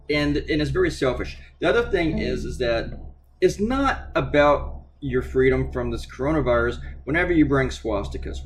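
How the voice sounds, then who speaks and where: A man who is a cartoonist, ranting sarcastically and swearing freely while he draws live and answers viewer comments. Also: mid-range voice. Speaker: cartoonist livestreaming a drawing.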